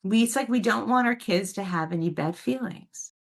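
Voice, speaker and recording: A woman speaks with warm, animated emphasis as she answers parents' questions on a video call. Her voice sits at a middle pitch, and her stories build with rising energy. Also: moderate pace, creaky. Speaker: parent educator, guest speaker.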